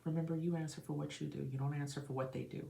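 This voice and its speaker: A woman's voice: low-pitched, fairly even intonation, very fast, vocal fry, dark tone, roomy sound. A woman giving an emotional, earnest tarot reading for her viewers. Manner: emotional, earnest, channeling feelings. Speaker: tarot reader.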